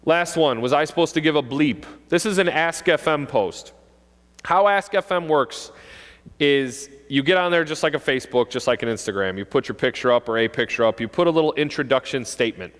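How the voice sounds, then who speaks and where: A middle-aged man, a police officer, giving an animated talk to parents and acting out kids' voices. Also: fairly high pitch, a little fast. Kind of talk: presentation to an audience. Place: school hall. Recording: long hall reverb.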